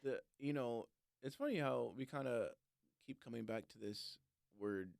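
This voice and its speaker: A man's voice: medium pitch, moderate pace, vocal fry, no echo, clean studio sound. A man co-hosting a casual faith podcast, joking around with playful asides. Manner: joking, animated, lots of fillers and playful asides. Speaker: podcast co-host.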